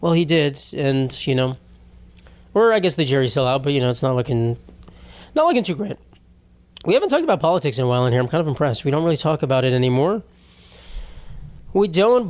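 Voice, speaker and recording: A man hosts a solo podcast in loose, rambling chat. He swears freely and cracks jokes as he goes. His voice sits a little high and is recorded dry and close. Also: clear, resonant tone, dry recording. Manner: rambling, profane, wisecracking. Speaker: podcast host.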